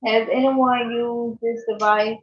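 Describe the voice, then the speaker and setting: A woman's voice: on the high side, little pitch movement, slow pace. A woman chatting casually on a live stream as a channel host. She laughs often and reads out viewer comments. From Mississippi. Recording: echoey, dull lo-fi sound.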